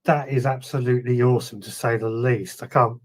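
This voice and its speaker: A man's voice: medium pitch, fairly even intonation, fairly quick. A man co-hosting a live show, enthusiastic and agreeable. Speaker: co-host.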